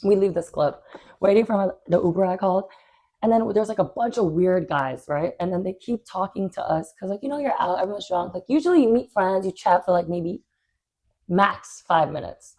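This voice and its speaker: A young woman co-hosting a casual podcast, her voice sitting at an ordinary middle pitch. She tells stories in an animated, blunt way, with a steady stream of fillers and the odd swear. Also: brisk. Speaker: podcast co-host. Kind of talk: casual storytelling chat.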